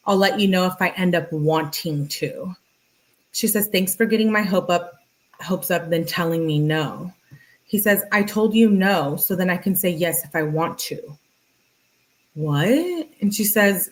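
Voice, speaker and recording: A woman hosting a true-crime channel, reading text messages aloud in an even way and adding casual, exasperated asides. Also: fairly low pitch, normal speed, poor audio.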